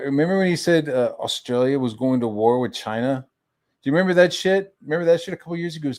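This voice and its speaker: A man's voice: on the high side, lively intonation, fast talker, a little mellow. A young man on a stream, ranting in a rambling way and swearing heavily. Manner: crude, rambling, heavy swearing. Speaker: stream guest. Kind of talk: profane ranting stream talk.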